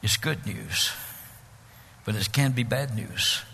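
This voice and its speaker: A man preaching a sermon as pastor, building to shouts and dropping to hushed, drawn-out lines. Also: lowish voice, creaky, long reverb tail, a little hiss or hum.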